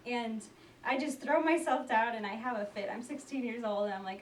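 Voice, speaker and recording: A young woman telling a personal story out loud in a chatty, animated way, acting out the people she quotes. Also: fairly high pitch, brisk. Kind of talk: personal story told aloud. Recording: roomy, distant mic, faint background noise.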